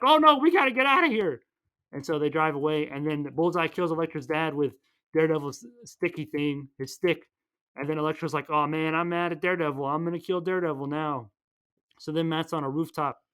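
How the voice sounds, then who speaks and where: A man casually retelling a movie plot as a podcast host, rambling and playful, tossing in quick voices for each character. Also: on the high side, a bit bright, clear, resonant tone.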